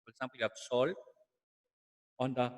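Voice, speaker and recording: A man's voice: mid-range voice, flat delivery, moderate pace, in a large hall. A man with a Filipino accent teaching an online music lesson, explaining patiently and slipping in Tagalog asides.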